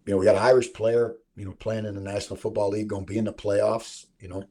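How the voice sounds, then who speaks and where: A man hosting a casual sports podcast, hoarse from a cold, laid-back and rambling with many fillers. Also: fairly low pitch, level tone, quick pace, mellow. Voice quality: husky. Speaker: podcast host.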